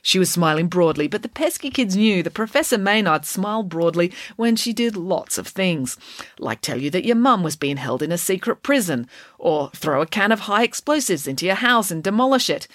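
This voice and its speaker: A woman narrating a children's audiobook in a lively, expressive way. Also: on the low side, normal speed, no room sound.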